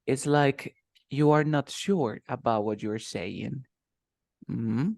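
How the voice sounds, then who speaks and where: A man's voice: mid-range voice, slow pace, vocal fry, darkish tone, no echo, clean studio sound. A man teaching English one-to-one online, patiently repeating example phrases.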